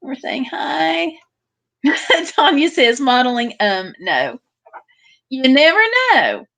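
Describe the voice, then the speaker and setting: A woman's voice: sits high, sing-song, slow, gravelly, a bit bright. Chatty woman reading out viewer comments. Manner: chatty, reads out viewer comments and answers them. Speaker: livestream host. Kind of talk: casual livestream chat reading viewer comments.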